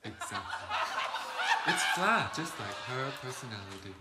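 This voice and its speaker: A man's voice: medium pitch, sing-song, a little slow, over loud music. A man playing a gossipy blue alien drag sister in a campy comedy sketch, firing off catty quips. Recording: echoey room with faint noise.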